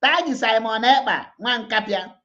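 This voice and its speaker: A man's voice: very high-pitched, animated, normal speed, bright, forceful tone. A Nigerian-accented man giving mocking commentary, laughing and taunting, repeating words over and over. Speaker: online commentator. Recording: dull lo-fi sound.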